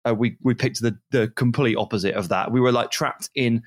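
Male podcast co-host, mid-pitch, animated storyteller. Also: a little fast. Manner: animated anecdote telling, mimics voices in quotes. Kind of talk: casual storytelling chat.

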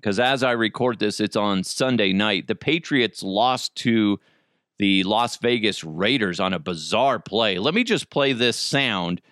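A man's voice: fairly low pitch, animated, a little slow, fairly bright tone, no echo, clean studio sound. A man hosting a solo podcast, ranting profanely and mocking his targets. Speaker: podcast host.

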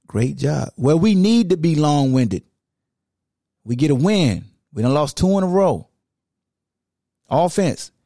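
A young man hosting a sports podcast, talking in a relaxed, slangy, conversational way. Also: a little high, takes it slowly, gravelly, long pauses, dry recording, clean studio sound. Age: young adult. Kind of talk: casual podcast talk.

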